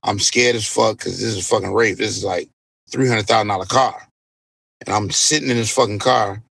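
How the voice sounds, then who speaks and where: Guest DJ, male, lowish gravelly voice, dry close sound, loose animated storyteller with swearing. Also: a little fast, no room sound. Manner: animated, profanity-laced storytelling. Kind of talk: casual storytelling interview.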